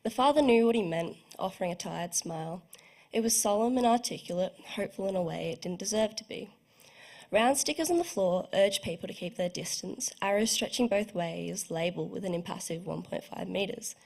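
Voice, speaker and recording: A woman's voice: mid-range voice, fairly quick, creaky, a little mellow. A young woman reads her own prose aloud at a launch, careful and evocative in her phrasing. Her voice sits at a middling height for a woman, with the occasional small stumble over a word. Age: young adult. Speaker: student writer reading her work. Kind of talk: literary reading.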